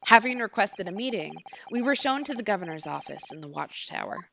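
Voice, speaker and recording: A woman's voice: mid-range voice, fairly quick, creaky, slight background noise. A woman streamer reading game dialogue aloud and chatting with friends while she plays. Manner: expressive, laughs often.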